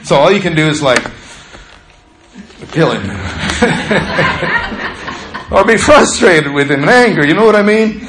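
A man preaching to his congregation in a relaxed, storytelling way, his voice a touch higher than most. The sound rings around an echoey church room, with a faint hiss underneath. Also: takes it slowly, long pauses. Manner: conversational, animated storytelling with laughs. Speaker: pastor. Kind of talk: sermon.

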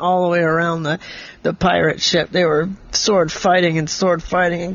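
A man making up a bedtime story for a child, gentle and patient, explaining things simply. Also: fairly high pitch, fairly even intonation, moderate pace, highs cut off.

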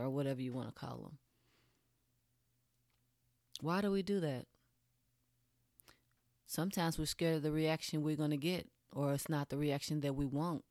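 Woman, deep voice, mellow tone, blunt casual monologue, swears freely, talks straight to viewers. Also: no room sound, clean studio sound. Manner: speaks straight to the audience.

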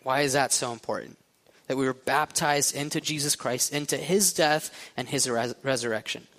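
A man's voice: medium pitch, normal speed, a bit bright, long reverb tail. A man preaching a sermon in a casual, conversational way, often checking in with "right?". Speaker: pastor.

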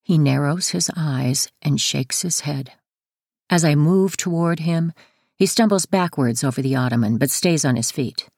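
Low, gravelly woman narrating a memoir. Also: unhurried, no room sound, studio quality. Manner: steady, first-person storytelling. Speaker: audiobook narrator and author.

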